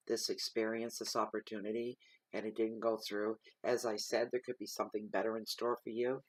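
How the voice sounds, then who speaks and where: A man giving a slow, reflective spoken tarot reading, reading card keywords aloud. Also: fairly low pitch, no echo. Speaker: tarot reader.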